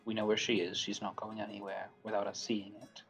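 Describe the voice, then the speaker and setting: A man voicing a calm, watchful male adventurer who speaks in a measured, quiet way. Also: on the low side, gravelly, soft background music, poor audio. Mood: reserved.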